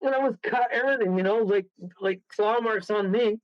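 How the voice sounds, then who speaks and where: High excitable male radio guest, rambling story, dry dull lo-fi audio. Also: brisk, dry recording. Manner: excitable, rambling, laughs through his story. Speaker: guest medium and paranormal investigator. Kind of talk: casual storytelling on a radio call.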